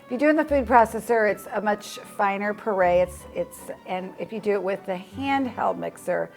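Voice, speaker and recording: A chatty woman hosts a relaxed cooking demonstration from her home kitchen and laughs easily. Music plays clearly behind her voice. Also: medium pitch, a little fast. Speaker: cooking show host. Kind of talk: casual cooking demo.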